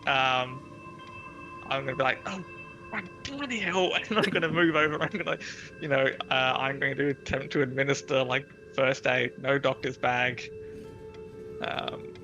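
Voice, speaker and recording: Gravelly, hesitant man at the game table. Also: mid-range voice, steady tone, moderate pace, sharp tone, dull audio. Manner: hesitant, full of fillers. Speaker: player. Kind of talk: tabletop role-play chat. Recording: music clearly playing behind.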